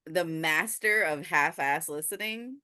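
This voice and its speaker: A woman's voice: low-pitched, unhurried, smooth, no echo, studio quality. A woman hosting a casual group video call, chatty and laughing as she tells stories. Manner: chatty, laughing, expressive storyteller. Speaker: host of group session.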